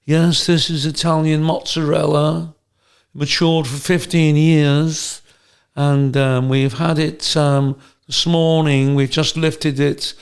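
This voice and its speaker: A man's voice: fairly high pitch, flat delivery, slow, clear, resonant tone. Man playing a polite upmarket cheese-shop manager. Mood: proud.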